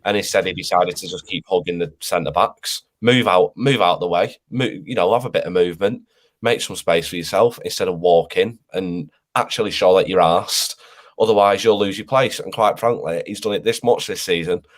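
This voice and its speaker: A man on a football fan panel rants in exasperation and swears freely. His voice sits a little low. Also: brisk. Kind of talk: casual fan panel chat.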